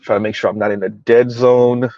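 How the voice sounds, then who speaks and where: A man's voice: medium pitch, little pitch movement, fairly quick, no echo, highs cut off. A man hosting a casual livestream commentary, emphatic and rambling, chuckling between points. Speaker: commentary channel host.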